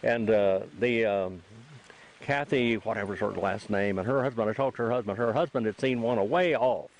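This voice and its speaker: Near a trailhead, an older host of a casual outdoor chat recounts his sighting in a rambling way, repeating himself while acting out what others said. His pitch is fairly low, his pace moderate, and the recording rough.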